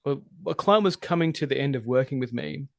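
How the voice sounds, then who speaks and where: A man talking as a relationship coach in a podcast interview, animated and emphatic, swearing freely. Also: medium pitch, brisk, gravelly, dry recording, studio quality. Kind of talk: casual interview conversation.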